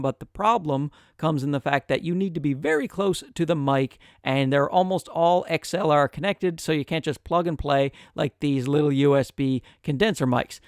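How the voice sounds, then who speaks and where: Brief: upbeat nasal host, slightly high voice, dry close-miked sound, loose chatty delivery. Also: male voice, moderate pace, few pauses, smooth, dry recording. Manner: chatty, joking asides, frequent "uh" fillers. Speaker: tech reviewer, channel host. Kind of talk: casual product review. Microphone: close USB condenser mic with pop filter.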